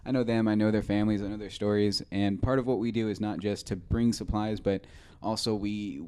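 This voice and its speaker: A man's voice: fairly low pitch, steady tone, a little fast, dark tone, clear, resonant tone. A man in casual podcast chat, earnestly explaining his volunteer work at length. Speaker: guest.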